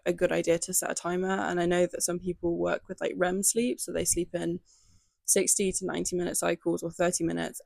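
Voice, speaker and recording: A young woman talking casually to camera in a gentle, chatty way, full of fillers and little asides. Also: fairly low pitch, gravelly, dry recording. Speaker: lifestyle video creator.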